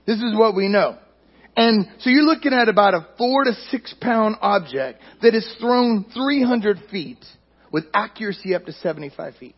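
A man's voice: high-pitched, expressive, moderate pace, breathy edge, highs cut off. A man preaching a sermon in a conversational way, putting questions to his congregation. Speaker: pastor.

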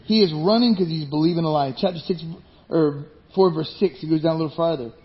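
A man's voice: on the high side, quick pace. A man preaching a sermon with emphasis, turning to the congregation with rhetorical questions. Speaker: pastor. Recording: dull lo-fi sound.

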